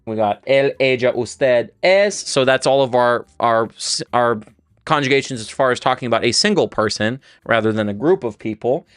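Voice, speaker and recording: A man's voice: medium pitch, moderate pace, clean tone, no echo, studio quality, soft background music. A man teaching a casual live-streamed Spanish lesson, thinking aloud with fillers and restarts while he writes out conjugations.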